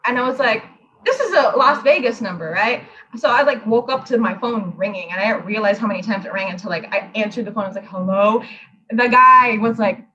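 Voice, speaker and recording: A woman in her twenties telling a story in casual chat, blunt, profane and animated. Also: on the high side, brisk, dull audio. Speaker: host.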